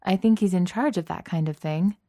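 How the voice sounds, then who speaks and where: A woman voicing a tough young heroine with a deadpan, wry way of talking. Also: on the low side, fairly quick, dry recording, studio quality, pitched above the performer's own voice. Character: tough, dry-witted young woman hero.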